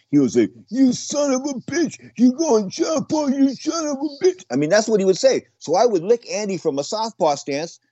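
A man's voice: medium pitch, a little mellow, no echo. Older guy rambling about boxing, repeats himself a lot, muffled lo-fi audio. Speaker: boxing commentator and former fighter. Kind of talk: casual monologue. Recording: dull lo-fi audio.

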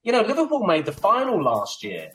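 A man's voice: sits high, wildly swooping pitch, fairly quick, faint music behind, poor audio. A man co-hosting a radio soccer talk show, rambling and emphatic, with lots of fillers and restarts. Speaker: co-host and soccer pundit. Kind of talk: casual radio sports talk.

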